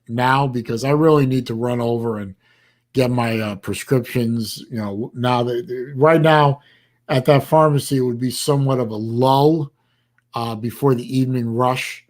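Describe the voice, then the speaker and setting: A man hosting a casual livestream chat, talking in a rambling, halting way with bursts of dry sarcasm. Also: medium pitch. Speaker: livestream host.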